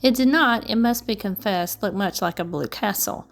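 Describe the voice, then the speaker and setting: A woman reading a novel aloud at an even, steady pace, with the odd small stumble. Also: mid-range voice, normal speed, gravelly. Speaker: amateur audiobook reader.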